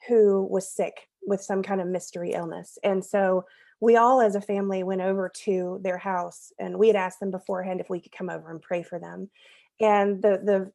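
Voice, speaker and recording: A woman in her thirties speaking as a podcast guest, at a middle pitch. She tells a family story in an earnest, conversational way and now and then laughs at herself. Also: mellow.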